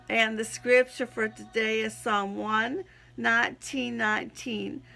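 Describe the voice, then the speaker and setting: Gravelly, bright-voiced Southern woman in her sixties. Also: fairly high pitch, lively intonation, slow pace, faint music behind. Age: 60s. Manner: earnest, preachy, breaks into frequent giggles. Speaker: YouTube Christian vlogger. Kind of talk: personal religious testimony.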